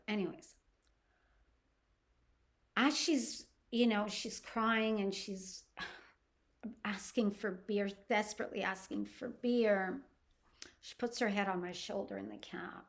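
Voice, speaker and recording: A woman's voice: mid-range voice, fairly even intonation, creaky. An older woman from Canada hosts a personal storytelling podcast. She speaks earnestly and stops often to restart her sentences. Now and then she acts out what other people said. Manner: earnest and halting, with restarts and acted-out quotes. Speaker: podcast host.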